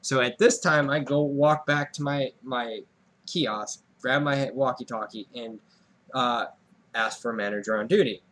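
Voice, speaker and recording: A young man co-hosting a podcast tells a story in a casual chat, swearing along the way and his voice jumping suddenly as he acts out the scene. His medium-pitched voice is fairly bright and a little slow.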